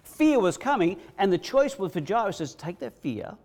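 A male pastor, preaching a sermon with emphatic repetition, swinging between loud bursts and quiet hushes. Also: high voice, very animated, moderate pace, few pauses. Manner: preaching with rising, emphatic repetition and sudden drops to a hush.

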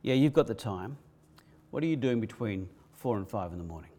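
A male pastor, preaching a sermon with emphatic repetition, swinging between loud bursts and quiet hushes. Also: medium pitch, animated, brisk. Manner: preaching with rising, emphatic repetition and sudden drops to a hush.

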